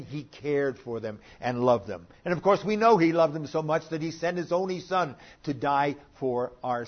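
A man teaching a sermon-style Bible lesson. He talks earnestly and methodically, working through numbered points with frequent filler pauses. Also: fairly high pitch. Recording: dull lo-fi recording.

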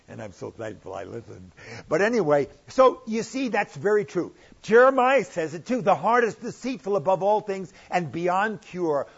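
An older man gives a sermon in a husky, fairly high voice, and his delivery is earnest. He leans into key points and slows down to press them home. The sound is dull and lo-fi. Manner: earnest, rising emphasis and slowing on key points. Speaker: pastor.

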